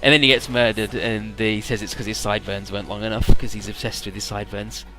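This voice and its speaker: A man's voice: lowish voice, little pitch movement, fast, over music. A man giving casual let's-play commentary, rambling through retellings with swearing.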